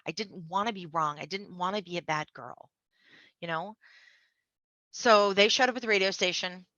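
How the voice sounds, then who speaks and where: A woman with a low yet bright, forceful voice recounts her own story as a podcast guest. She tells it vividly, slipping into the voices of the people in it. The recording is dry and a little dull. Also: normal speed, dry recording. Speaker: interview guest. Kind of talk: personal storytelling. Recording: dull, muffled podcast audio.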